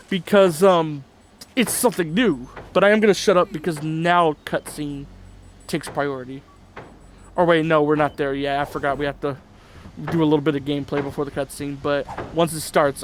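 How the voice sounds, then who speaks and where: A man's voice: fairly high pitch, background noise. A man giving rambling, chatty let's-play commentary, laughing between thoughts. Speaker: gaming channel host. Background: faint game music.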